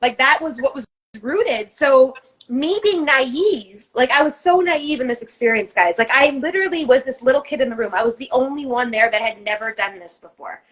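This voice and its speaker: A woman with a slightly high voice talks in relaxed podcast chat. She rambles through a personal story with heavy emphasis and frequent swearing. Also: moderate pace, low-quality recording. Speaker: co-host.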